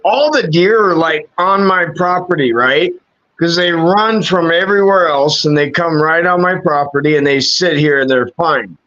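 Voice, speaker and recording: A man's voice: on the high side, moderate pace, sharp tone, dull audio. A man in casual chat, crude and joking, swearing heavily. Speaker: podcast co-host. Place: at home.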